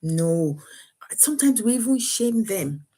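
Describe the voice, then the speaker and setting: A woman from Africa giving parenting advice to camera. She talks in a lively way, repeats words, and acts out what parents and children say. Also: mid-range voice, measured pace, a little hiss or hum. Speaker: parenting coach.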